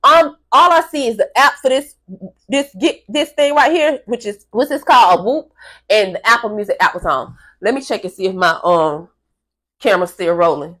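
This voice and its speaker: Woman spilling a story to her camera, kinda high voice, cusses a lot, acts out everybody in it. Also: moderate pace. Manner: animated, profane, acts out the people in her story. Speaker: vlogger telling a story to camera. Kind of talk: casual storytime monologue.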